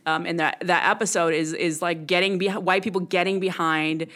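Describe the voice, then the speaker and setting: A woman's voice: fairly low pitch, moderate pace. A woman in casual conversation, thoughtful and affirming, often saying yep and mm-hmm. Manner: thoughtful, agreeing, steady back-channel.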